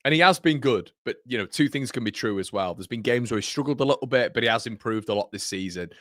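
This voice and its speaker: A man's voice: medium pitch, lively intonation, fast talker, a bit bright, no echo, studio quality. A man hosting a fan livestream, chatting casually and reading out viewer comments, rambling and correcting himself as he goes. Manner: rambling, self-correcting, addresses viewers as mate. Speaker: fan channel host.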